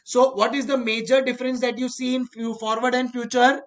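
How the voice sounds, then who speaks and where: A man's voice: very high-pitched, flat delivery, brisk, a bit bright, a little hiss or hum. A man with an Indian accent giving a classroom lecture on finance, quizzing the class and repeating key phrases. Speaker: finance teacher.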